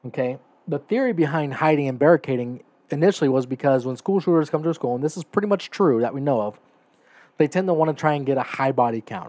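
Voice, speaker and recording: A man's voice: mid-range voice, a little mellow, no echo. A man hosting a solo podcast, talking emphatically and often checking in with "right?" and "okay?", and growing heated. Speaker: podcast host. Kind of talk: opinionated solo podcast commentary.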